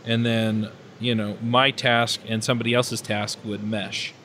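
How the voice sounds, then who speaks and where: A man talking through his team experience on a tech podcast in a relaxed, thoughtful way, often pausing with fillers. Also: lowish voice, a little hiss or hum. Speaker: podcast panelist. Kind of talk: casual technical discussion.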